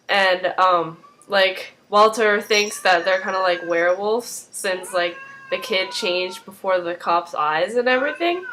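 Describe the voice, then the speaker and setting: A woman's voice: medium pitch, a bit bright. Rambling woman recapping a TV episode. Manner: rambling, heavy use of "like" and "um"; apologetic asides. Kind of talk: casual spoken TV recap.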